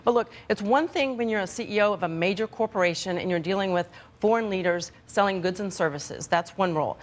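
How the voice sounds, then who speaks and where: A woman giving her views as a commentator on a TV panel, brisk and assertive. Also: mid-range voice. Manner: brisk, assertive, talking-point delivery. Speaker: political commentator. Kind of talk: panel debate. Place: television studio.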